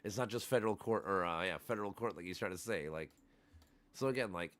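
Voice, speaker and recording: A low-voiced man hosts a casual livestream. He rants with heat, swearing often as he argues his point. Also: fast, a bit bright. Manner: heated, profane ranting. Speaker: livestream host. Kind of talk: casual chat.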